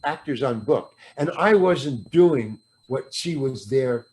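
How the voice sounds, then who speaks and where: An older man, an actor guest in a podcast interview, telling an anecdote with animated storytelling, acting out the voices of the people he quotes and swearing freely. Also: medium pitch, slow.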